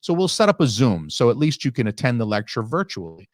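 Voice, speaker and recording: Guy ranting on his podcast, swears nonstop, mid pitch, dry close sound. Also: sing-song, fast talker, no echo. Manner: profane, ranting storyteller. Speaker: podcast host. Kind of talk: casual chat.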